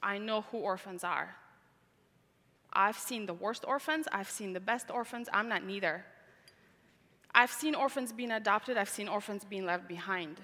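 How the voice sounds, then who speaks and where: Bright-voiced woman testifying in a hall. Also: medium pitch, normal speed. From Tajikistan. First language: not English. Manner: earnest storytelling, repeats words for emphasis. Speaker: speaker giving testimony. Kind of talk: personal testimony talk. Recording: reverberant large hall.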